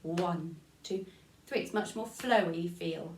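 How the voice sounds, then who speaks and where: English music teacher in an echoey room. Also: female voice, fairly low pitch, slow, a little mellow, far from the mic, a little hiss or hum. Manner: counts beats aloud and sings short rhymes. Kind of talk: recorded online music lesson for children.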